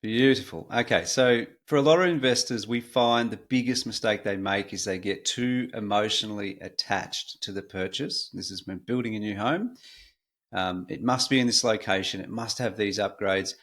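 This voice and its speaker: A middle-aged Australian man hosting a podcast in a relaxed, chatty way with frequent fillers. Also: on the low side, moderate pace. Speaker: podcast host. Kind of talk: casual conversational podcast.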